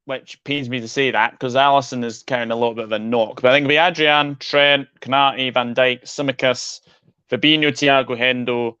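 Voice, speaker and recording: A man's voice: medium pitch, moderate pace, clear, resonant tone, dry recording. Male host chatting easy, reading comments, muffled lo-fi sound, dry. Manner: relaxed, reads out viewer comments. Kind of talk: casual video call chat. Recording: dull lo-fi audio.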